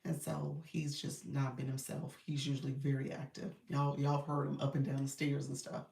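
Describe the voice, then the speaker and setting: A woman's voice: a bass voice, completely flat delivery, moderate pace, gravelly, dark tone. A woman coach chatting casually on a live stream, loose and talkative with lots of fillers. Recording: roomy, distant phone audio.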